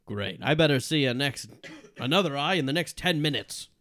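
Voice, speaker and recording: A man in an improvised comedy scene, gruff and impatient as a senior doctor. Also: fairly high pitch, animated, normal speed, fairly bright tone, no echo, studio quality. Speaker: improv performer.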